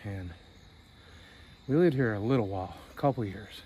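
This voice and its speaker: A man's voice: lowish voice, lively intonation, moderate pace, dark tone, a little hiss or hum. Middle-aged man telling wry stories. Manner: candid, conversational, wry. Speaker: vlogger touring his hometown. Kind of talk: casual storytelling. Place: outdoors at night.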